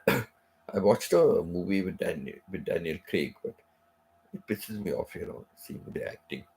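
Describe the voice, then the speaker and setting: A middle-aged man hosts a live stream in easy, rambling chat, circling back to repeat himself and tossing in frequent asides. His voice sits very low with a gravelly, fry-heavy edge, and he sounds a little under the weather. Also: very animated, a little slow, a little mellow, a little hiss or hum. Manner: rambling, repeats phrases, many "you know" asides. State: unwell, recovering from sickness. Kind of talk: casual chat.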